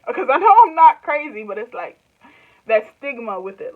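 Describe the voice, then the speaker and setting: A woman's voice: on the high side, expressive, unhurried, highs cut off. A woman in her twenties with a Southern US accent, chatting casually to camera in loose, rambling phrases and laughing often. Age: 20s. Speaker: YouTuber. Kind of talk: casual direct-to-camera chat.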